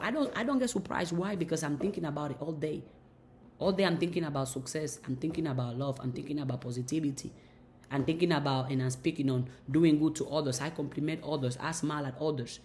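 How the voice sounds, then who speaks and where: A woman's voice: low-pitched, fast talker, dark tone, slight background noise. A woman giving a motivational monologue in an emphatic, repetitive, preaching manner. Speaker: motivational speaker.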